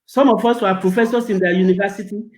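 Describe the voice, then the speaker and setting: A man's voice: high voice, fairly even intonation, quick pace, rough recording. An older man, answering an interview with emotion and often repeating words when stirred. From Nigeria. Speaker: guest.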